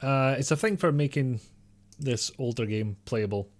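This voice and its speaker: Guy live streaming a game, chatty and rambly, talks straight to chat, mid pitch. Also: moderate pace.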